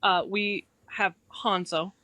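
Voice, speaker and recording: A woman's voice: mid-range voice, steady tone, slow pace, sharp tone, a little hiss or hum. A woman guest in casual chat, telling fond stories and laughing often. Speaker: podcast guest.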